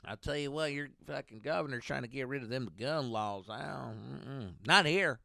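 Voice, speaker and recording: A man voicing a brash, gun-loving Texan driver who boasts loudly and swears. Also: mid-range voice, normal speed, gravelly, no room sound, studio quality. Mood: boastful. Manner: loud, boastful, profane.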